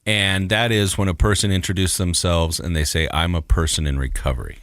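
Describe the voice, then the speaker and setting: A man's voice: low-pitched, fairly even intonation, fairly quick, a bit bright, no room sound, clean studio sound. A man co-hosting a podcast as a psychologist, speaking in a thoughtful, explanatory way. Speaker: psychologist co-host. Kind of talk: casual podcast discussion.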